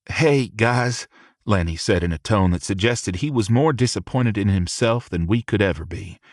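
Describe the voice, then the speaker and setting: A man narrating a first-person audiobook in a measured, steady reading. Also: lowish voice, no echo, studio quality.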